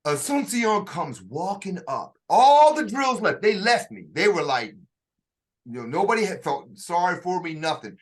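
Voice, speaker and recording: A man with a somewhat high voice tells a story from his own life in relaxed conversation. He stops and restarts often, searches for words, and slips into the voices of the people he is quoting. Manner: halting, with frequent restarts and acted-out quotes. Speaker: author telling his story.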